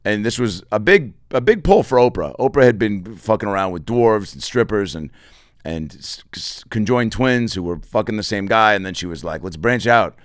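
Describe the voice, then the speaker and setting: A man hosting a comedy podcast, telling crude stories in an animated, rambling monologue full of tangents. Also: on the low side, normal speed, no room sound, clean studio sound.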